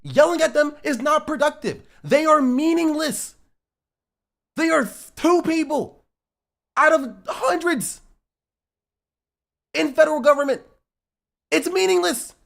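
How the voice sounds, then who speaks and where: This voice sits high and is a bit bright, unhurried, with vocal fry and frequent pauses. Its owner, a streamer, rants heatedly at live chat, lecturing in short, repeated punchy phrases and swearing without restraint.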